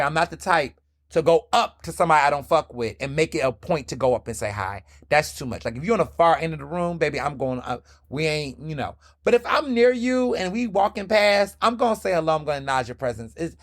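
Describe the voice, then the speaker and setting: A man's voice: on the high side, a bit bright, dry recording, clean studio sound. A man in his thirties from the American South, hosting a casual solo podcast. He talks candidly and with energy, and slips into playful voices when he quotes people. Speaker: podcast host.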